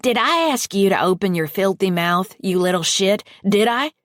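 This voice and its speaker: A woman's voice: sits low, lively intonation, a little slow, husky, no echo, studio quality, heavily acted. A woman voicing a coaxing, menacing female caretaker who talks in a crude drawl in an audiobook thriller. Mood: snarling.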